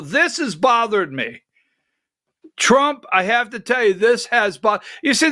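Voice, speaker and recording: A man with a very high, bright, forceful voice rants through his political commentary livestream. He swears freely and breaks into angry shouts. His voice sounds close and dry. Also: dry recording. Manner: fiery, profane ranting with shouted outbursts. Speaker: political commentary show host.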